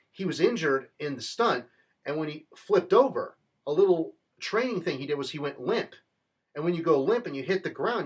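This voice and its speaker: Man, political commentator, fervent rallying monologue, husky, slightly high.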